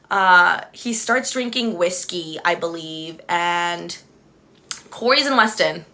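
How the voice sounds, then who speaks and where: Bright-voiced young woman chatting on a livestream. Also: on the low side, lively intonation, slow pace. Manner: chatty, giggly, easily distracted. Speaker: livestream host. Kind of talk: casual rambling livestream chat.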